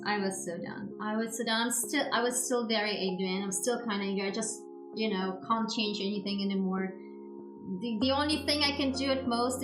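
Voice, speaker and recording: A woman streamer in casual chat, ranting and swearing in exasperation. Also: fairly high pitch. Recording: roomy echo with background music. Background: background music.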